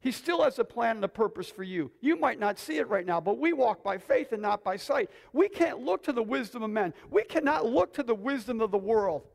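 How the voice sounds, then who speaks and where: A man preaches to a church congregation with an unusually high, gravelly voice, pushing close to a yell out of sheer excitement. His words ring out with a long reverb through the sanctuary. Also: a little fast, few pauses. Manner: excited, near-yelling exhortation. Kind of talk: sermon.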